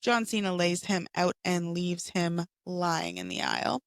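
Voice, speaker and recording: A woman co-hosting a podcast in casual chat, raspy and hoarse from a cold, chatty as she recaps storylines. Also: on the low side, sing-song, unhurried, no echo. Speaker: podcast co-host.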